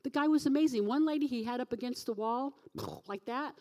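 A woman's voice: fairly high pitch, fairly quick. Woman preaching in a reverberant church. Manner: animated storytelling, acts out quoted voices. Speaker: pastor. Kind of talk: sermon with personal testimony.

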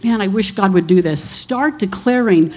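A woman's voice: medium pitch, animated, normal speed, a little mellow, breathy edge. A woman in her sixties, a minister, giving an earnest testimony to a church congregation and telling stories along the way. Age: 60s.

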